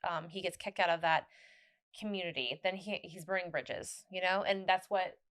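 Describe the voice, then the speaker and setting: A woman hosting a casual podcast conversation, talking in rambling, animated bursts with frequent restarts and laughter. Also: lowish voice, moderate pace, smooth. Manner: rambling, many restarts and fillers. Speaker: podcast host.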